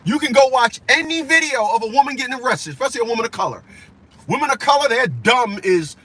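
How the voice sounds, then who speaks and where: A man's voice: very high voice, expressive, fast talker, bright, forceful tone. A man delivering a heated, profane opinion rant as a vlogger, repeating himself for emphasis.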